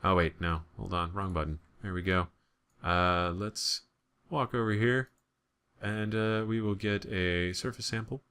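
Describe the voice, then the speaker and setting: A man's voice: low-pitched, steady tone, a little slow, pushed and bright, smooth. An American man giving casual, rambling gameplay commentary with joking asides. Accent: General American. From United States. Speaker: let's play gamer.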